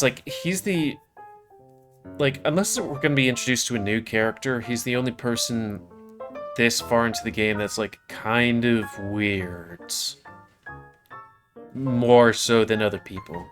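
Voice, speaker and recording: A man giving casual let's-play commentary, rambling and hedging with "like". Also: mid-range voice. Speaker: gaming channel host.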